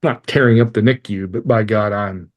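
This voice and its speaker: A man's voice: lowish voice, normal speed. A man, a podcast guest, telling a painful personal story with candid swearing and wry laughs. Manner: candid and emotional, swears freely; laughs through hard memories.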